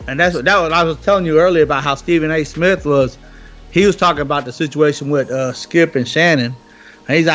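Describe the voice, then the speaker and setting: A man co-hosting a podcast in casual chat, joking and throwing out quick takes. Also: on the high side, a bit bright. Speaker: podcast co-host. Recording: dull lo-fi sound with faint music.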